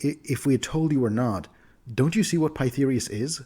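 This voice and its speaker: A man's voice: mid-range voice, brisk, dark tone, breathy edge, voice pushed up, close to an everyday voice. A man voicing an earnest noble diplomat.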